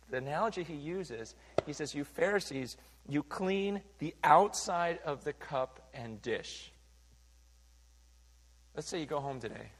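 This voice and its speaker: A man preaching a sermon as a pastor, emphatic and animated, acting out voices to make his point. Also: on the high side. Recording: reverberant hall sound.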